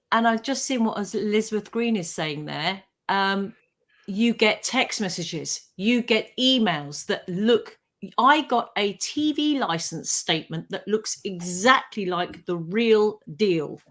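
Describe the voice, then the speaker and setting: A woman, a legal expert on a live radio talk show, explaining consumer rights in a clear, measured way. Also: medium pitch, expressive, a bit bright.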